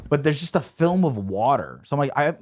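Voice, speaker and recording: A man's voice: on the high side, lively intonation, a little fast. A man co-hosting a podcast, telling stories casually with lots of fillers. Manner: loose storytelling, filler-heavy. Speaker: podcast co-host. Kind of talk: casual chat.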